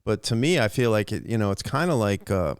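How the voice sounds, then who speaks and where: Very deep-voiced man musing. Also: expressive, fairly quick, clear, resonant tone, dry recording, clean studio sound. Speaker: podcast co-host. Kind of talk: casual podcast chat.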